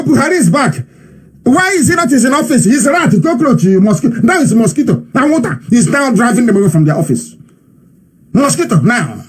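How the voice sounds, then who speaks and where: High-pitched husky Nigerian man broadcasting. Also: a little mellow. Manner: mocking, repetitive, emphatic. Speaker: radio broadcaster. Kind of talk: impassioned live radio broadcast.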